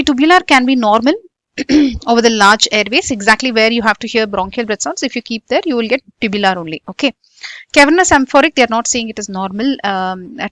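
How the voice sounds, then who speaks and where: A woman's voice: fairly high pitch, fairly bright tone, no room sound. A woman with an Indian English accent teaching a medical exam lecture, repeating key points and quizzing students with frequent "okay" and "guys". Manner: repetitive, drilling students with questions and frequent "okay". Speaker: medical tutor.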